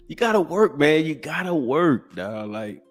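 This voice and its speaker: A man in his forties hosting a podcast, ranting bluntly and profanely, jumping from loud outbursts to low, sighing asides. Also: sing-song, takes it slowly, breathy edge, soft background music. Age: 40s. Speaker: podcast host. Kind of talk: ranting commentary.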